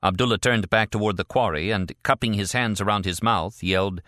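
A man narrating a thriller audiobook in a measured, even storytelling manner. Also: sits low, no echo, studio quality. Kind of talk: scripted narration.

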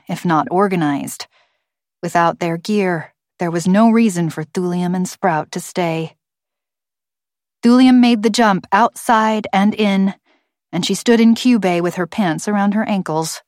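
A woman reads an audiobook aloud in a steady, measured storytelling style. Her voice sits fairly low, and the scripted narration is captured in a clean studio with no room sound.

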